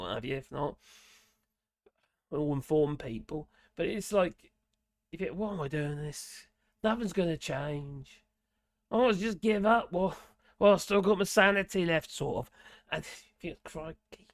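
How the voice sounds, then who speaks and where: A man with a Norfolk accent and a hoarse, gravelly voice, chatting casually on a live stream and reading out viewer comments in a rambling, muttering way. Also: on the high side, no echo, studio quality. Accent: Norfolk English. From Norfolk, England. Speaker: livestream host reading chat.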